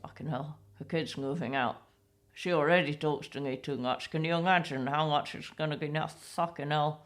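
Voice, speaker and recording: A woman's voice: low-pitched, fairly even intonation, moderate pace, close to an everyday voice. A woman voicing a crude, cynical male monkey puppet who swears bluntly and teases, in a comedy podcast. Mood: grumbling.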